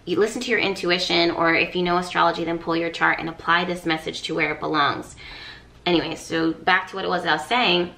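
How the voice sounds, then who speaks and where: A woman's voice: lowish voice, level tone, quick pace, vocal fry, bright, forceful tone. A woman, a professional astrologer, giving a casual spoken astrology reading to her viewers in an earnest, coaching way, repeating phrases for emphasis. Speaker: astrologer and tarot reader.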